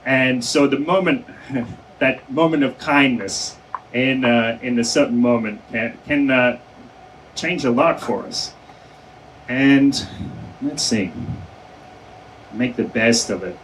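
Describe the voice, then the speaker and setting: Male conference speaker, casual storytelling, mid pitch, heard from a distant mic with faint hum. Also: takes it slowly, long pauses, fairly bright tone. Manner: conversational, many fillers and self-corrections, laughs between phrases. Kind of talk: storytelling speech. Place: conference hall.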